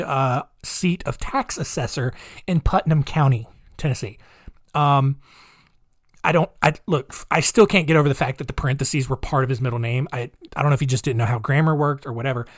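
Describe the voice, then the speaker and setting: A male podcast host tells odd stories from history in a loose, rambling monologue and stops often for sarcastic jabs. His voice sits a little high for a man. The sound is very dry and close to the mic. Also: moderate pace, no echo. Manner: chatty, rambling, sarcastic asides. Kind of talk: casual comedic monologue.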